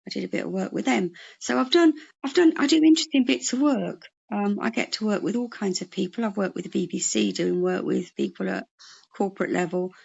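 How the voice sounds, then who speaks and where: A woman, a comedian and mental health worker, telling lively anecdotes in an interview. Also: mid-range voice, a little fast, vocal fry, husky, highs cut off. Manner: animated anecdotal storyteller. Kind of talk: storytelling interview chat.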